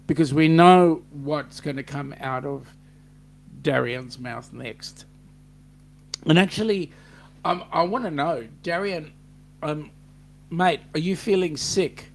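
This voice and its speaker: A man's voice: fairly high pitch, slow. A man with an Australian accent hosting a live chat, rambling and reading out viewer comments. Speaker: host.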